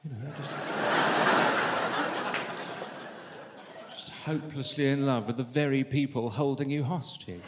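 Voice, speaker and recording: A man's voice: medium pitch, slow, pauses often. A man doing a wry, self-mocking stand-up routine. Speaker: stand-up comedian. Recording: live venue reverb with loud noise.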